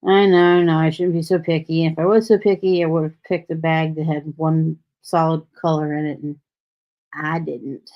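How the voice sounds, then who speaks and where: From her home in Texas, a woman hosts a casual solo livestream, rambling freely and tossing in sarcastic asides. Her low voice is flat at a moderate pace, and the stream audio is dull and lo-fi.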